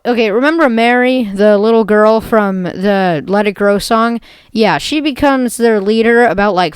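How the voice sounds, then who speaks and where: A woman's voice: medium pitch, clean tone, no room sound. Rambling jokey woman storyteller. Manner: rambling, jokey, full of "basically" and "like". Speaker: video creator. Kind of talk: rambling comic story retelling.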